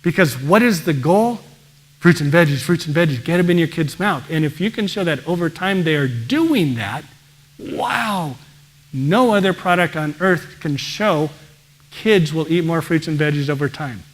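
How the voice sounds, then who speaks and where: A man, a pediatrician, giving an energetic presentation and often exclaiming in wonder. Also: a little high, normal speed. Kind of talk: enthusiastic presentation talk.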